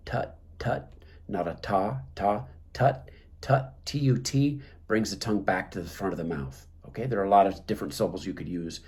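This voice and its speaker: Man, lowish voice, clarinet teacher, halting delivery, instructional talk. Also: a little mellow. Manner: hesitant, many fillers and restarts.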